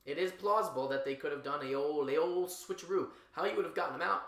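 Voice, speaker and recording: A man's voice: on the high side, quick pace, creaky, fairly bright tone. A man, co-hosting casually, joking and laughing often between restarts. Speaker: podcast co-host. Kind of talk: casual banter. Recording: echoey room.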